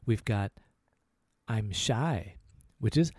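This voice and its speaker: A man with a deep, mellow tone hosts a relaxed language lesson. He speaks close to the mic in a dry, dead room and slows right down to repeat each phrase. His pitch rises and falls a lot as he models every word. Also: dry recording. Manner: slow, repeated demonstration of phrases. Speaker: language teacher, podcast host. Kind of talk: casual spoken language lesson.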